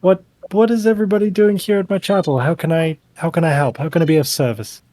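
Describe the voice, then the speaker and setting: A man's voice: a little high, steady tone, fast talker, warm tone, dry recording, pitched above the performer's own voice, lightly acted. A man voicing a polite holy cleric eager to help, in a tabletop game. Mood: courteous. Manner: courteous, slightly bewildered.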